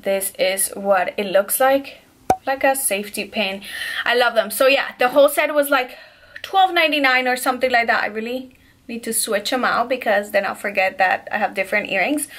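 Bright, breathless woman gushing over a haul. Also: on the high side, normal speed. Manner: chatty and gushing, addresses viewers as "you guys". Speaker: beauty and lifestyle vlogger. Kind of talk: casual product haul chat. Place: at home.

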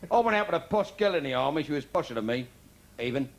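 A man's voice: on the high side, lively intonation, quick pace, vocal fry. An older man from London with a Cockney accent, delivering a bawdy stand-up comedy routine in punchy one-liners. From London, England.

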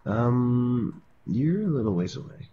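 A man's voice: medium pitch, animated, slow pace, muffled recording. A man joking along in a laid-back way as co-player on a horror game stream. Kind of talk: let's play commentary.

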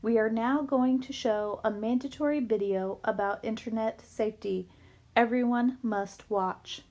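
Woman doing a slow, menacing teen villain. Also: fairly high pitch, fairly even intonation, darkish tone, lightly acted. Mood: eerie. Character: sinister teenage boy villain over a loudspeaker.

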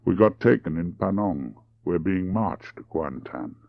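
A man's voice: low voice, expressive, a little slow, gravelly, no echo, phone-quality sound, exaggerated voice. A man reading a weary young Englishwoman. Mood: resolute.

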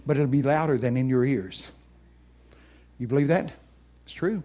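An older man, preaching in a folksy way and telling stories, then speaking quietly and personally to people. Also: mid-range voice, moderate pace. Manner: folksy, animated storyteller who then talks softly and personally to listeners. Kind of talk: folksy sermon storytelling.

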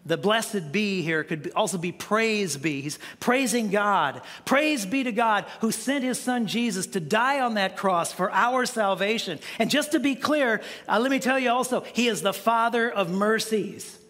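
A male pastor preaches in a loose, conversational way, stumbling over and repeating words as he goes. His voice sits high and sounds bright and forceful. Long reverb from the church hall trails every phrase. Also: unhurried, few pauses. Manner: conversational preaching with frequent restarts and stammered repeats. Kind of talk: sermon. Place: church sanctuary.

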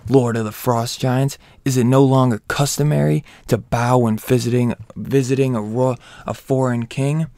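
A man's voice: medium pitch, fairly even intonation, moderate pace, hardly any pauses, mellow, no echo, natural voice. A man voicing a stern, proud male thunder god king who speaks in commanding lines.

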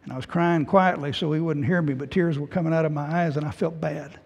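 A middle-aged man preaches a heartfelt testimony, his high, slightly husky voice rising loud and then sinking to a hush. Long reverb from a church hall rings around him. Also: steady tone, fairly quick. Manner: emotional personal testimony, swinging from loud to hushed. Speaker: pastor. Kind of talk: sermon. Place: church sanctuary.

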